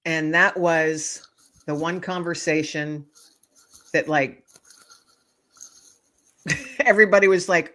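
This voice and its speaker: A woman guest author shares a personal story in a relaxed interview. Her voice sits a little low, and she tells the story with animated expression, bringing the quoted voices to life. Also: slow, long pauses.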